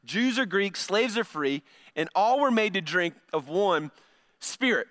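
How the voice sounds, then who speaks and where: A man's voice: high voice, animated, measured pace, fairly bright tone. A middle-aged male pastor giving a conversational sermon, often repeating words as he starts a phrase.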